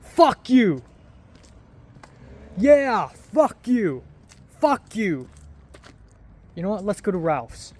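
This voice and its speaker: A man faking a rowdy shouting drunk. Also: high voice, a little fast, lightly acted. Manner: yelling, repetitive, rowdy. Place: empty city street at night.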